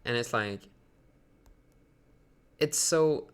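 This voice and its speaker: A man's voice: mid-range voice, very slow, smooth. Rambling male streamer. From Sweden. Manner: rambling, indignant, many fillers, bursts louder when outraged. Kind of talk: live stream rant.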